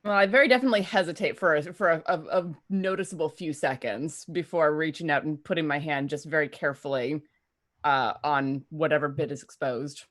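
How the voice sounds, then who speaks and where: Low-voiced woman thinking aloud. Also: fairly quick, a bit bright. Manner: stammering restarts while thinking aloud. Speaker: player. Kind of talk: tabletop role-play chat.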